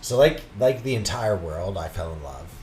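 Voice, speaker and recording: A young man chats on a podcast in a somewhat low voice, with a faint hiss under it. He rambles through his points and jumps into playful put-on quotes, laughing as he goes. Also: expressive, normal speed, a little mellow. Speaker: podcast co-host. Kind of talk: casual podcast chat.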